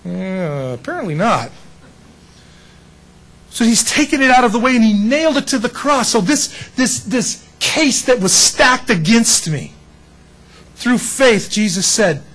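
Husky high-voiced man preaching a sermon. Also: fairly bright tone, rough recording. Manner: conversational preaching with rhetorical questions and folksy asides. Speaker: pastor.

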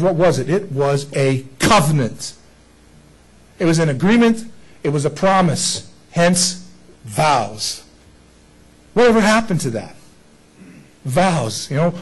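A man's voice: high voice, husky, rough recording. A male pastor preaching a casual sermon to a congregation, often putting rhetorical questions to his listeners. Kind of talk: conversational sermon.

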